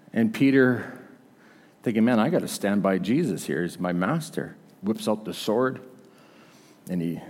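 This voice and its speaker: A male pastor preaching a sermon in a conversational, emphatic storytelling manner. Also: fairly low pitch. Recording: long hall reverb.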